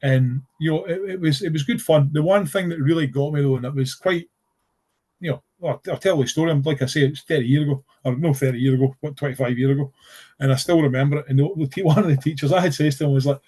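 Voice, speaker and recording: A man's voice: on the high side, fast, mellow, breathy edge. A middle-aged man from Scotland with a Scottish accent, telling stories in a casual podcast chat, rambling with lots of fillers and restarts, earnest about his subject. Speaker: podcast guest. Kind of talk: casual conversational storytelling.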